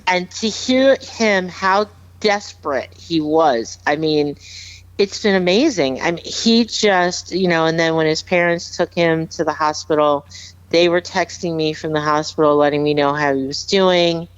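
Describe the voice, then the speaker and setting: A woman's voice: deep voice, unhurried, clean tone, dry recording, dull audio. A woman guest on a podcast, earnestly telling a personal story with emphatic repeats. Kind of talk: heartfelt storytelling, casual chat.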